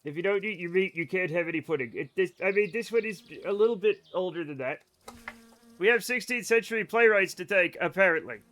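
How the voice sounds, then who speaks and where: Bright-voiced rambling game streamer. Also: male voice, sits high, fairly quick. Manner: rambling, self-amused, talks to chat. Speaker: live streamer. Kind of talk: casual live-stream chat while gaming.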